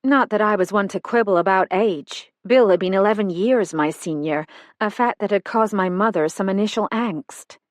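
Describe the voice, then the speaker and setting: Woman narrator, audiobook, first person, measured, dry close sound. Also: medium pitch, no room sound.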